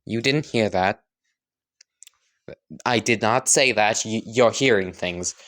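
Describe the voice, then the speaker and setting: Flustered, shrill mom, as a male narrator puts her on, rushing to cover herself. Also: fairly bright tone. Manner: high-pitched, rushed and flustered. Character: flustered scatterbrained mother.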